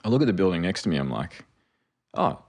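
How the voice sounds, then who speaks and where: A man co-hosting a casual podcast, with a low voice that swings widely in pitch. He tells stories with energy and acts out what everyone said. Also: rapid-fire. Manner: animated storyteller, acts out quotes. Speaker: podcast co-host. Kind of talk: casual chat.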